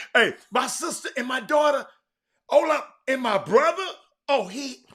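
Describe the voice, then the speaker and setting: A man hosting a live sports talk show, chatting with viewers by name, animated and repeating words as he goes. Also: very high voice. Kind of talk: live-stream chat with viewers.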